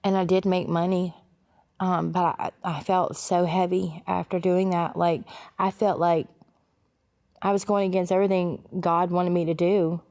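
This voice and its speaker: Low gravelly woman giving testimony. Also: flat delivery, darkish tone. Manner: halting, many fillers and restarts. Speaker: testimony speaker. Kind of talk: personal testimony.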